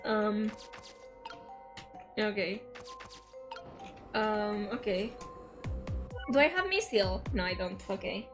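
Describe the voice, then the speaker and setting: A woman's voice: mid-range voice, slow, pauses often, music in the background. A young woman streaming a video game, chatting casually with viewers and reading the game's dialogue aloud in a bubbly way. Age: young adult. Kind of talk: casual stream chat while playing a game.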